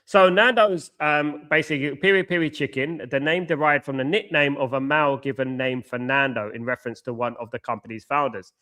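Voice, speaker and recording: Bright-voiced man chatting on a live stream. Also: mid-range voice, fairly even intonation, fairly quick, few pauses. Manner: chatty, repeats himself, banters with viewers. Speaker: watchalong host reading live chat. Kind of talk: live stream commentary and chat.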